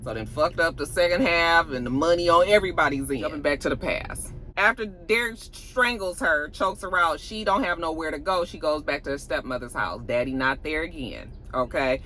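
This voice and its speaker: A woman's voice: low-pitched, normal speed, few pauses, a little hiss or hum, poor audio. A woman casually recapping and reviewing a TV episode, telling it like a story with blunt, salty asides and opinions. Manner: animated storyteller who acts out the characters' lines.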